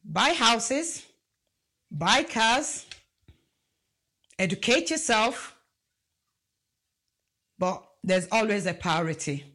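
A woman's voice: mid-range voice, big pitch swings, drawn-out words, pauses often, a bit bright. A woman preaching a sermon, emphatic and asking the congregation rhetorical questions.

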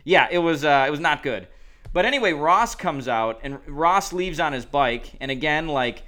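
A man's voice: fairly high pitch, lively intonation, normal speed, pushed and bright. Rambling male podcast storyteller. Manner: rambling, story-telling with lots of asides. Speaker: podcast co-host. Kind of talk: casual chat.

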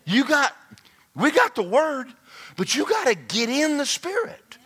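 A man's voice: very high voice, wildly swooping pitch, unhurried, sharp tone. A man preaching a sermon as pastor, folksy and repetitive, speaking in bursts.

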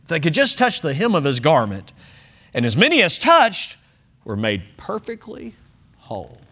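Male pastor, high and sharp-toned; animated sermon delivery with emphatic scripture reading and light laughter. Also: moderate pace. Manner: animated, emphatic reading with chuckles and asides to the congregation. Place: church sanctuary.

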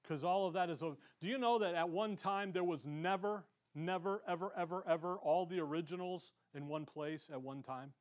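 A man's voice: high-pitched, moderate pace, hardly any pauses. A male pastor preaching a sermon in a conversational way, acting out the voices of the people he quotes.

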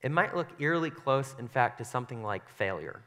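A man preaching playfully in a bright, echoing church hall. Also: medium pitch, expressive, brisk. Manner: playful, self-deprecating, acts out voices. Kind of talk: casual conversational sermon. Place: church sanctuary.

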